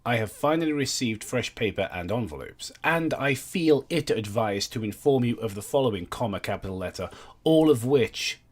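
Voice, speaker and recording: A man's voice: medium pitch, animated, moderate pace, voice pushed up, lightly acted. A man reading a letter aloud in a put-on pompous, overly formal voice. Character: pompous rambling jailed letter writer, adult.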